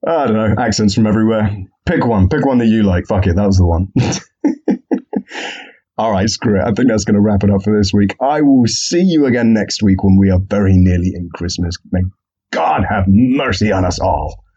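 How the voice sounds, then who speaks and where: A man's voice: lowish voice, fairly quick, warm tone, dull audio. A man hosting a casual solo podcast, jokey and rambling, swearing freely. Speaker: podcast host.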